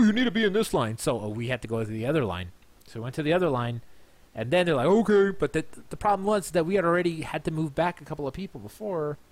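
A tipsy man hosting a podcast, telling a long story in a rambling way, repeating himself and restarting his phrases. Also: medium pitch. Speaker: podcast host. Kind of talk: casual storytelling monologue.

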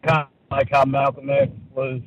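A man calling in to a radio show, giving his opinions in a halting way and often repeating words. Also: mid-range voice, little pitch movement, a bit bright, highs cut off. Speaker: caller. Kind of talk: call-in radio commentary.

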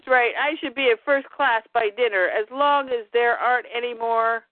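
A woman plays a cocky young boy hero from a cartoon, barking bossy, clipped orders in a high voice. The sound is tinny and dry, like a phone line. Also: normal speed, no echo, natural voice.

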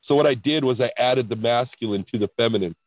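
A man, a podcast guest, telling the story of his spiritual experiences in an excitable, animated way, often restarting his sentences. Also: mid-range voice, fast talker. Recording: dry tinny phone-line sound.

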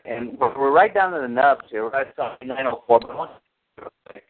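A man's voice: medium pitch, animated, normal speed. A man hosting an informal Bible study. He preaches emphatically, repeats his words and quotes scripture. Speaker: host leading a Bible study. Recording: tinny phone line with faint noise.

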